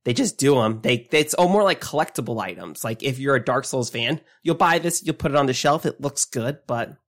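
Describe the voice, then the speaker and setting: An animated man co-hosts a casual gaming podcast. His voice sits at a middling pitch, and his talk jumps up and then drops off. He often breaks off mid-sentence and starts over. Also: brisk. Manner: animated, chatty, trails off and restarts. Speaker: podcast co-host.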